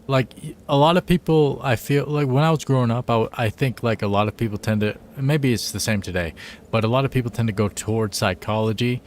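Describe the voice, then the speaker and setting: A man's voice: medium pitch, brisk, a little mellow, a little hiss or hum. A tipsy man streaming a game live, chatting in a rambling, profane, loose way. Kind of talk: casual live-stream chat.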